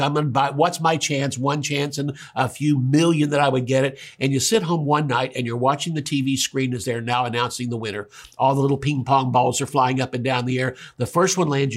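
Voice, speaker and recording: A man's voice: on the high side, fairly even intonation, fast talker. A man preaching a sermon, telling a story and acting out the voices of the people in it. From Oklahoma, US. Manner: storytelling preacher, acts out dialogue. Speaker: pastor.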